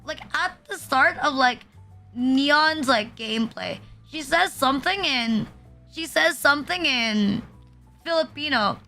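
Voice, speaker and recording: A woman's voice: high-pitched, lively intonation, a little slow, vocal fry, bright, forceful tone, faint music behind. A young adult woman streaming as a VTuber, chatting casually and rambling with frequent swearing and restarts. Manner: rambling, swearing, self-interrupting.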